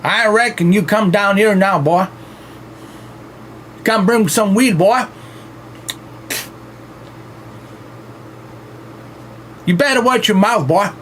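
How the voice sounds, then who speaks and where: A rowdy Southern backwoods man hollers in a thick put-on Southern drawl, as a man puts him on. The voice sits high and pushes loud, bossy and drawling. A faint hum runs underneath. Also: a little slow. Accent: put-on American Southern.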